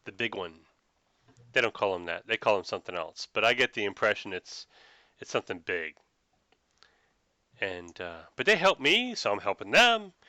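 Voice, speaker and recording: A man voicing a suspicious, tipsy old rural farm woman who rambles in a folksy, gruff way about meddlers. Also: lowish voice, very animated, normal speed, long pauses, pushed and bright, dry recording, exaggerated voice. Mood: ominous. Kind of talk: tabletop role-play voice.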